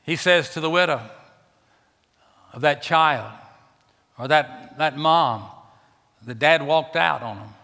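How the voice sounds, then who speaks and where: In a large church sanctuary with long reverb, a man delivers a sermon as pastor, stressing points emphatically through repeated words. His voice, on the high side, is gravelly and sharp, slow-paced with long pauses.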